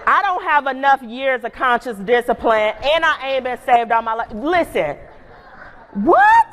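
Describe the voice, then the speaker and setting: A woman principal giving a humorous storytelling keynote, animated and full of call-and-response asides to the audience. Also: high-pitched, moderate pace, some chatter behind. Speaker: keynote speaker and school principal. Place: large conference hall. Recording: long reverb of a conference hall.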